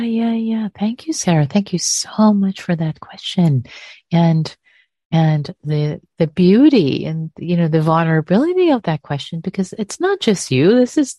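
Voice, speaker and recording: A woman meditation teacher answering a question in a gentle, soothing talk, repeating words and trailing off. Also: fairly low pitch, no echo, studio quality.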